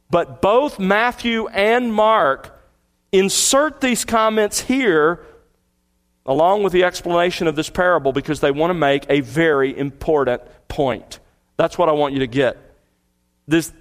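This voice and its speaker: A middle-aged man preaching a sermon in a slightly raised pitch. He walks his listeners through a passage and stretches key words for weight. Now and then his voice lifts and swells as he paints the scene. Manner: expository preaching, slows to stress key words, swells with excitement. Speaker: pastor.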